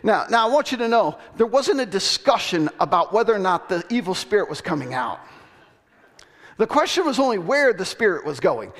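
A male pastor telling a story in a sermon, acting out voices with laughter and animated delivery. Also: high-pitched, a little fast. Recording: long hall reverb.

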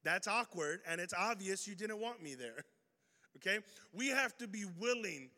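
Animated preacher with a bright voice. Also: male voice, high voice, moderate pace. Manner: animated, swings from loud to hushed. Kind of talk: energetic sermon with storytelling. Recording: reverberant hall.

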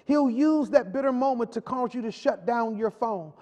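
A man's voice: very high-pitched, normal speed, a little mellow, highs cut off. A male pastor preaching a sermon with a repetitive, call-and-response delivery. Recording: long hall reverb.

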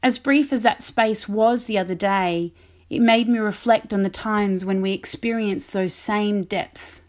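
A woman's voice: mid-range voice, a little slow, a little mellow. Reflective woman vicar preaching. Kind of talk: sermon.

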